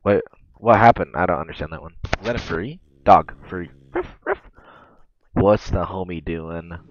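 A man reacting to meme videos as a streamer, excitable and cursing often, bursting into laughter. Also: deep voice, brisk, a little hiss or hum. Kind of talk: casual reaction commentary. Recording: dull lo-fi mic.

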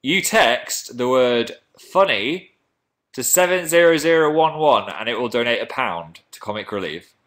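Bright-voiced man chatting playfully. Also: mid-range voice, animated, a little slow. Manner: chatty, playful, reads viewer comments aloud. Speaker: livestream host. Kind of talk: casual livestream chat.

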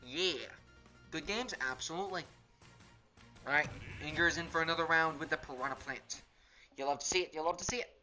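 A man with a fairly high, very sharp and bright voice, talking through a live fighting-game stream in a loose, rambling way. He fills his commentary with fillers and restarts, and faint game music plays behind him. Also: fairly quick, long pauses. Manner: rambling, filler-heavy, laid-back. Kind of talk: casual live gameplay commentary.

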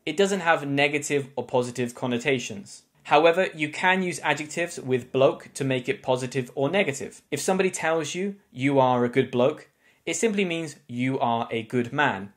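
A man with a British English accent, an English teacher giving a scripted slang lesson with clear explanations and wry asides. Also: mid-range voice, moderate pace, a bit bright. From England.

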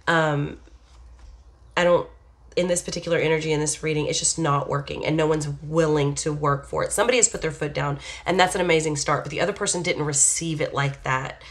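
A woman's voice: low voice, a bit bright. A woman giving a rambling, casual tarot reading, blunt and candid, with sighs and laughter. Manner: chatty, rambling, swears casually. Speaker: tarot reader.

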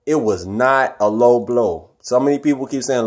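A hoarse man vlogging a boxing match, talking bluntly and emphatically and repeating his points. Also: medium pitch, moderate pace. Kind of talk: casual profane fight commentary.

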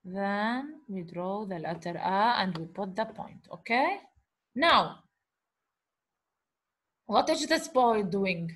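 A woman's voice: medium pitch, animated, takes it slowly, pauses often, slightly rough. A woman teaching a beginners' lesson on letters, patiently sounding out syllables and asking the class questions. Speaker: Arabic teacher.

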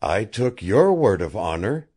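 A man's voice: deep voice, very animated, slow pace, darkish tone, exaggerated voice. A man reading aloud and voicing a grim, sarcastic French guide with a French accent, who speaks in solemn warnings.

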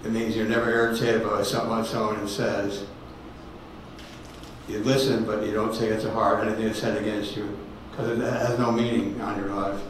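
A man's voice: fairly low pitch, level tone. Man in his 80s, echoey distant hall. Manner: halting, repeats words, folksy storytelling. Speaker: guest speaker giving testimony. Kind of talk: personal testimony sermon. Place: ministry meeting room with audience. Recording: very echoey hall, distant mic, faint noise.

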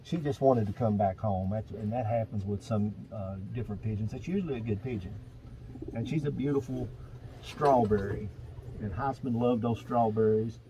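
A man's voice: lowish voice, moderate pace, noisy background. A man in his seventies with a Kentucky accent, a pigeon breeder rambling through a casual walkthrough of his loft, full of fillers and repeats. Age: 70s. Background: pigeons cooing.

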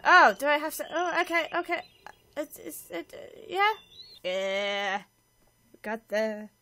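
A woman chatting through a video game, self-mocking, with sudden excited cries. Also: high-pitched, unhurried. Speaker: let's play gamer. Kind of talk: casual gameplay commentary.

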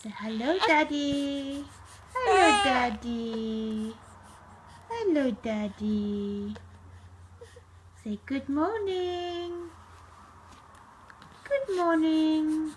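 High cooing mother in baby talk. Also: extremely slow, pauses often, a little hiss or hum, low-quality recording. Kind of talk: baby talk in a home video.

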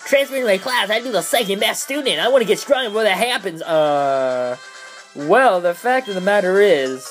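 Young man, hyper let's play commentary, high voice, lively swooping pitch, swears a lot. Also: moderate pace, soft background music. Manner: hyper, excitable, swears a lot, shouts in glee.

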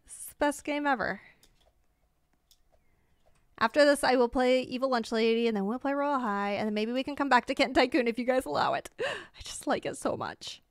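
A young American woman livestreams a game with bubbly, chatty energy, often breaking into excited exclamations. Her voice sits a little higher than most women's. She talks straight to her viewers into a desk mic. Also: a little fast, pauses often, smooth, dry recording, clean studio sound. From United States. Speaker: streamer. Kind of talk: live game commentary.

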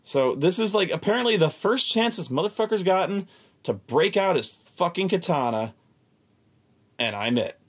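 A man telling a casual, profane story about a tabletop game, animated and exasperated, often repeating himself. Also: high-pitched, normal speed, slightly rough.

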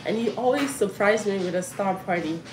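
A young African woman livestreams herself cooking at home, chatting effusively and emotionally while calling out sharply to her children. Her medium-pitched voice is lively in intonation and a little fast. The casual stream is recorded in an echoey room with a noisy background.

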